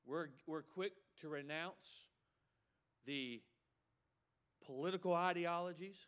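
High, bright-voiced preaching man. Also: takes it slowly, smooth. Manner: emphatic preaching, repeating a refrain; quotes excuses in a mocking voice. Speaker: pastor. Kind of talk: sermon.

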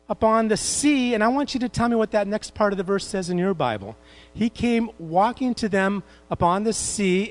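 Pastor, man, higher pitched voice, lively sermon delivery that keeps questioning the room. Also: low-quality recording. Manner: animated, asks the congregation questions.

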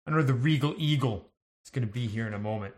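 A man's voice: medium pitch, fast, darkish tone, lightly acted. A man voicing a trash-talking male heel wrestler, growling threats with heavy swearing. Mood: menacing.

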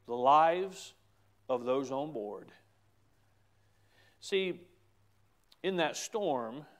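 Preaching a sermon as a pastor, this middle-aged man with a Southern US accent has a fairly high voice. He swings between hushed asides and loud, emphatic exclamations.

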